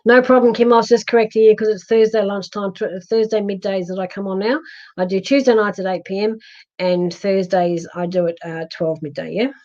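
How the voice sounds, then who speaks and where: A woman's voice: medium pitch, steady tone, a little fast, a little mellow, dull audio. An Australian woman hosting a psychic livestream, chatty and reassuring as she reads out viewer comments, with plenty of ums and restarts. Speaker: psychic medium livestream host. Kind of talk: live-stream chat reading viewer comments.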